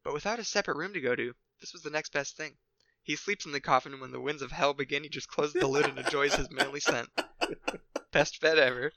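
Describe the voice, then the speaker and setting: A man's voice: fairly high pitch, quick pace, sharp tone, dry recording, dull audio. A man co-hosting a casual comedy podcast, joking around and reading out product reviews. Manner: joking, reads reviews aloud with silly voices. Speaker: podcast co-host.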